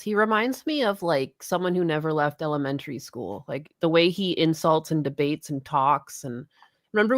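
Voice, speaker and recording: A woman's voice: low voice, no echo, clean studio sound. A woman co-hosting a live stream, bantering casually, teasing and blunt, laughing often. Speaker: streamer co-host.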